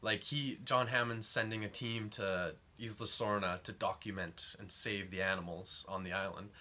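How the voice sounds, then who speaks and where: A man's voice: fairly low pitch, fairly even intonation, normal speed, sharp tone. A young man giving a casual, rambling film review, full of fillers and exasperation.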